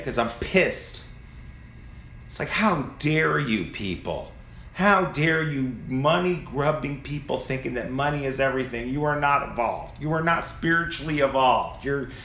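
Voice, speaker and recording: Man, angry preachy rant on a phone with lots of swearing, lively pitch, echoey room sound. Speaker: vlogger. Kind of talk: ranting monologue. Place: among parked cars. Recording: roomy phone recording.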